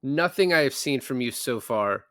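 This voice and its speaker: A man talks through a movie scene by scene on a podcast, rambling and cracking jokes. His voice sits at an ordinary pitch and the sound is dry and close. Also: animated, moderate pace, pushed and bright, no echo. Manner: rambling, jokey, acts out characters' lines. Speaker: podcast co-host. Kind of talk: casual movie review chat.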